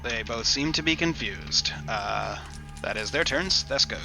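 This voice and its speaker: A man narrating as game master of a tabletop game, easygoing and casual, with many pauses. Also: mid-range voice, expressive, vocal fry, over music. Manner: easygoing, casual, says "uh" often.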